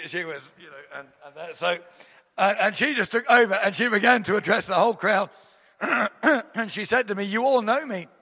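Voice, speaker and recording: A man's voice: on the high side, big-room sound. A man preaching a sermon, rising to emphatic declarations and telling long stories with restarts. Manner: emphatic, swelling to loud declarations; storytelling with restarts.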